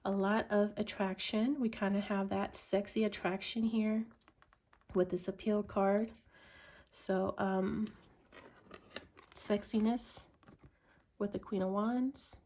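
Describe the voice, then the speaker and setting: A woman doing a tarot reading, musing slowly with many ums and likes. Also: medium pitch, level tone, a little mellow, slight background noise. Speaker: tarot reader.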